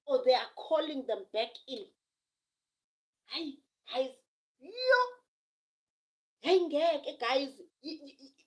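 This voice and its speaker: A woman's voice: sits high, fairly bright tone, low-quality recording. A South African woman talking with passion in a casual podcast chat, emphatic and preachy, sometimes slipping into Zulu phrases. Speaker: podcast co-host.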